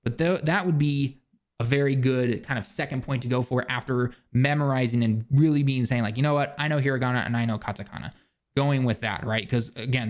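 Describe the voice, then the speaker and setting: A young man talking casually to camera, giving loose, rambling tips for beginners with lots of restarts and fillers. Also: medium pitch. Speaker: language learning vlogger. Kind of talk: casual instructional talk. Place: living in Japan.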